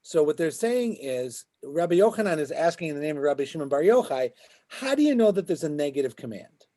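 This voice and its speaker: A man's voice: a little high, very animated, a little fast, dark tone. A man teaching a Talmud class as a rabbi, explaining the text and checking in with his students as he goes. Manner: explains as he goes, keeps asking "right?". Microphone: video call.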